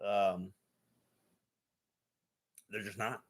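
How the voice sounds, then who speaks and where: A man's voice: lowish voice, level tone, drawn-out words, breathy edge. A man hosting a casual, rambling monologue, with plenty of restarts and fillers. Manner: rambling, many fillers and restarts, laughs at own jokes. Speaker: host.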